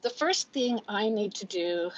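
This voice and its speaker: The livestream host is a Californian woman in her fifties chatting casually from home, breathless, frank, and talkative as she reads out comments and laughs frequently. She speaks a little slowly in an animated, medium-pitched voice, and the audio is dull.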